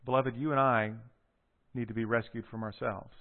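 A man preaching a sermon, retelling a scripture story with animated storytelling and acting out the quoted lines. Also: mid-range voice, normal speed. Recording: tinny phone-like audio.

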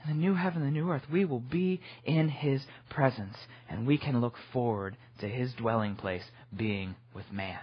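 A man preaching an earnest sermon who swings from hushed to emphatic and repeats words as he builds. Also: medium pitch, moderate pace, few pauses, husky, highs cut off. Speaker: pastor.

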